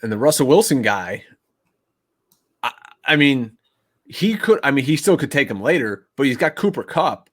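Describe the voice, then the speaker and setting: A man with a mid-pitched voice co-hosting a casual podcast. He talks in an easy, conversational way and often asks questions. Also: sing-song, moderate pace, pauses often, a bit bright. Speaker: podcast co-host. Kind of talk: casual fantasy football chat.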